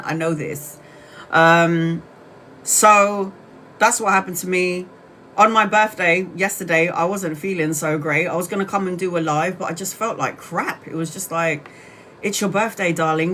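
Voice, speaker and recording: A woman's voice: mid-range voice, fairly bright tone, a little hiss or hum, rough recording. Emphatic woman tarot reader talking live. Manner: emotional and emphatic, repeating phrases for weight. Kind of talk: casual livestream talk.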